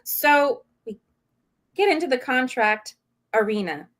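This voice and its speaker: A woman guest in a podcast interview, telling a personal story in a lively way, laughing often and acting out what others said. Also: high-pitched, slow pace. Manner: animated, acts out quoted voices, laughs often; self-described saucy.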